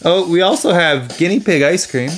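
Chatty podcast host over guitar. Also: male voice, sits high, lively intonation, moderate pace. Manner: loose, laughing, chatty. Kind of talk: casual podcast intro.

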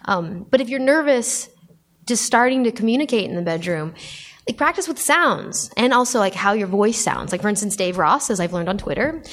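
A woman's voice: mid-range voice, lively intonation, moderate pace, fairly bright tone. A woman hosting a live podcast on a small club stage, chatty and giggly with lots of fillers. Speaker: podcast host.

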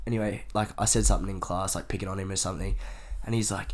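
A young man telling casual stories in a podcast chat, animated and swearing freely, acting out the lines of people he quotes. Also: low-pitched, very fast.

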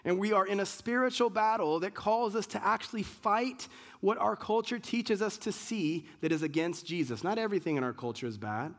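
A man preaching a sermon with a fairly high voice. He speaks conversationally, stumbling and restarting as he goes, and slips into quick impressions of what people say. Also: lively intonation. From United States. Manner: conversational preaching with many restarts and acted-out quotes. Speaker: pastor.

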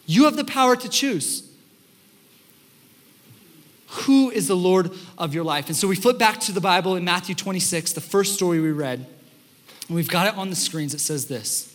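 A young adult man preaching a sermon as a pastor in a church, telling stories in an animated way and acting out the quotes. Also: high-pitched, moderate pace, pauses often. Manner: animated storytelling, acts out quotes. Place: church sanctuary. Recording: hall reverb.

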